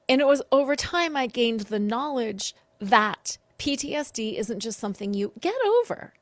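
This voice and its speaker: Female coach hosting a solo podcast. Earnest and animated, voice on the high side. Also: normal speed, hardly any pauses, no room sound. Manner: earnest, animated, acts out quoted lines. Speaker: podcast host and betrayal coach.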